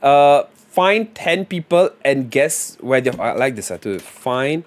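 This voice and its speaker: A man in casual livestream chat, his voice sitting at an ordinary middle pitch. He thinks out loud, trails off into mumbles while reading viewer ideas, and drops slang and fillers freely. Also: animated, slow. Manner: loose and slangy, with frequent fillers. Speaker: live streamer.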